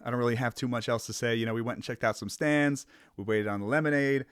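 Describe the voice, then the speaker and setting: A man's voice: mid-range voice, steady tone, fast, clean tone, no echo. Rambling young man, dry close sound. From Cleveland area. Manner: rambling, self-conscious, laughs often, swears casually. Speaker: vlogger. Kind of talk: casual rambling vlog chat.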